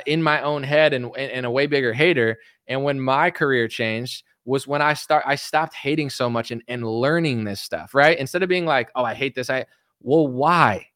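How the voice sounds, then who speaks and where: A man's voice: fairly high pitch, a bit bright, no echo, clean studio sound. Emphatic man in rambling political talk. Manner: emphatic, rambling, many restarts. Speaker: political commentator. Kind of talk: casual monologue.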